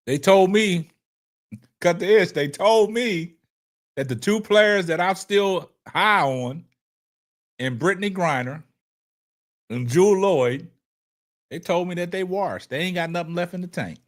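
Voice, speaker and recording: Animated man hosting a call-in stream. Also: high voice, unhurried, pauses often. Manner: animated, repetitive, reads chat aloud. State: choked up, coughing. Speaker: livestream sports show host. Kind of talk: casual call-in livestream talk.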